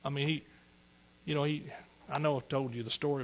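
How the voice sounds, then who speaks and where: Husky older man preaching. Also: medium pitch, a bit bright. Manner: earnest, halting testimony rising to fervent preaching with hallelujahs. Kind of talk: sermon with personal testimony.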